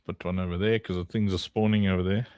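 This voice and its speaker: A man's voice: sits low, steady tone, quick pace, darkish tone, clean tone, dry recording, highs cut off. A man streaming while playtesting his own game, chatty and teasing, talking to viewers by name. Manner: chatty, teasing, laughs often, talks to chat by name. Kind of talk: casual livestream chat while playtesting.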